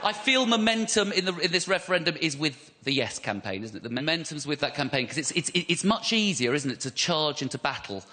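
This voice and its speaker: Performing self-mocking stand-up at a live comedy venue, a middle-aged English comedian with a West London accent launches into mock-outraged rants. His fairly high voice is sing-song, pushed and bright, a bit fast with few pauses, and the noisy recording carries audience laughter.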